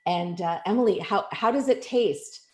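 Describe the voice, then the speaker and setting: A woman's voice: medium pitch, normal speed, mellow. A woman moderating an online webinar over a video call, upbeat as she thanks people and reads out announcements. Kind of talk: hosting a webinar. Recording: echoey room.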